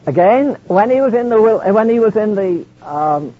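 High-voiced husky man preaching. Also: lively intonation, moderate pace. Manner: preaches with scripture quotes in King James wording. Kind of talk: sermon. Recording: dull lo-fi archive sermon recording.

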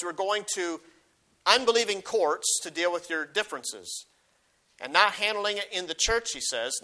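Male preacher, high and bright, scripture reading with emphasis, sermon delivery. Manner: reads scripture aloud with rising emphasis, then explains; frequent restarts and repeated words.

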